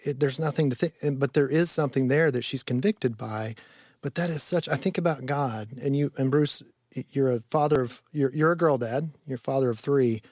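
A man's voice: medium pitch, moderate pace, darkish tone, dry recording. A man who produces radio shows, chiming in eagerly and speaking reflectively in a casual studio chat.

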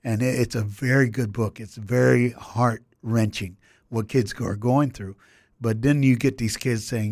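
A man's voice: mid-range voice, steady tone, darkish tone, no echo. Emphatic American man, dry studio sound. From United States. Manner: fast, emphatic storytelling with acted-out quotes. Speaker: motivational speaker. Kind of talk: radio interview storytelling. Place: radio studio.

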